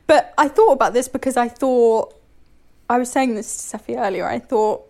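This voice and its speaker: A young woman co-hosts a podcast, playful and quick to laugh. Her voice sits high. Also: vocal fry, a little mellow. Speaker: podcast co-host. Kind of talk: casual chat.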